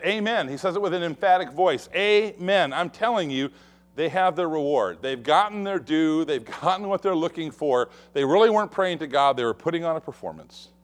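A man preaching a sermon in an expressive way, acting out the voices he quotes. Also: fairly high pitch. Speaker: pastor.

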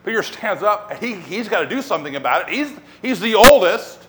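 Preacher guy, high voice, lively storytelling sermon, swoops up and down a lot. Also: fairly quick. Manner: animated storytelling, acting out scenes. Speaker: pastor.

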